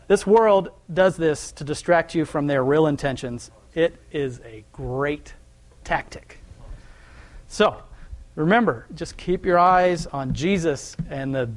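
A young adult man preaching a sermon in a conversational, folksy way. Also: a little high.

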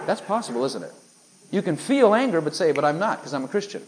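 Man, preacher, sermon, fairly high voice, emphatic, rhetorical questions. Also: sing-song, brisk, poor audio.

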